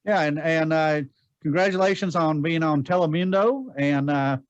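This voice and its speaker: A man's voice: on the high side, normal speed, clean tone, no echo, dull audio. A man with a Texan accent, a district leader, chatting casually and relaxedly on a video call.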